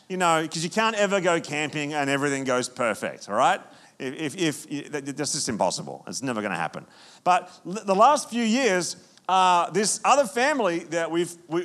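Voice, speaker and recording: Male pastor, fairly high voice, lively sermon with anecdotes. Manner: animated storytelling with frequent restarts.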